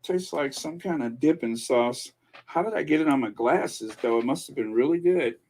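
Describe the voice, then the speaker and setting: A man's voice: medium pitch, moderate pace, a little mellow. A man hosting a royal news channel, reading viewer comments in a rambling, self-amused casual chat.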